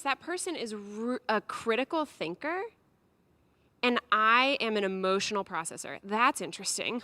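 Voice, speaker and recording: A woman, a startup co-founder, giving a lively conversational conference talk in a large historic hall, acting out quoted voices as she goes. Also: on the high side, moderate pace.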